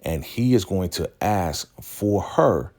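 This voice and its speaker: A man casually recapping a TV episode, animated and acting out the characters as he goes. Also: low voice, takes it slowly. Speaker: show recap host.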